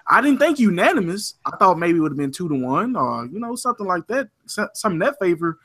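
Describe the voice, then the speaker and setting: Male co-host, lively and bright, high voice, talks over others in a sports debate. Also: fast talker. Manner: animated, repeats himself when worked up. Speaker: radio show co-host. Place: radio studio.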